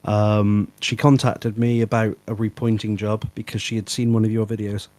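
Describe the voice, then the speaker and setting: A man with a fairly low voice talks casually on a live stream and gives practical advice. He fills pauses with ums. The mic sounds dry and close. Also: little pitch movement, mellow, dry recording. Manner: chatty, practical advice with fillers. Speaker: guest and fellow tradesman.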